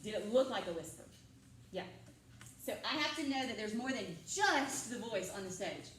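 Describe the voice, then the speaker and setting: High-voiced woman teacher, echoey classroom. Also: sing-song, moderate pace, fairly bright tone, a little hiss or hum. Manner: coaching, quizzes students and repeats their answers. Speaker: drama teacher. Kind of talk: classroom lecture with questions to students. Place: school classroom, indoors. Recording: echoey classroom picked up from a distance.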